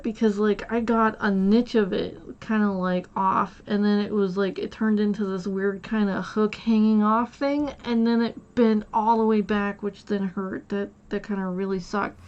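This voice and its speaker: A woman's voice: mid-range voice, a little mellow, lo-fi sound. A woman streamer casually retelling a story from her day, rambling and quoting the back-and-forth with many "I was like" asides. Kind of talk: casual storytelling while gaming.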